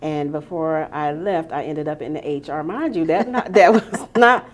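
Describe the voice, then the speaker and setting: A woman hosting a podcast, chatting casually and telling animated stories, acting out the voices of the people she quotes. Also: deep voice, moderate pace, crowd noise. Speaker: podcast host. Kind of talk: casual chat.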